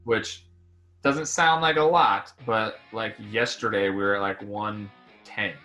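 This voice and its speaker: A man's voice: lowish voice, a little slow, soft background music. A man hosting a podcast, chatting casually and rambling with fillers about the show. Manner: relaxed, rambling, many fillers. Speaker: podcast host. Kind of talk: casual chat.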